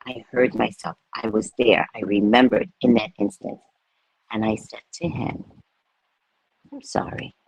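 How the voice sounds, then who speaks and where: A woman in her fifties with a low, husky voice talks bluntly and candidly, acting out the people in her stories. Her pitch rises and falls a lot as she goes, and the recording is dry and close. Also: normal speed, no room sound, rough recording. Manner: blunt, animated storytelling with frank swearing. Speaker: spiritual talk host. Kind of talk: candid spiritual monologue.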